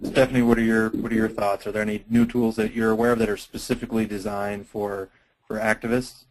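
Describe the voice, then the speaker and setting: A man moderating a webinar, putting questions to the guests in a measured way and reading out comments. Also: on the low side, little pitch movement, a little hiss or hum, rough recording.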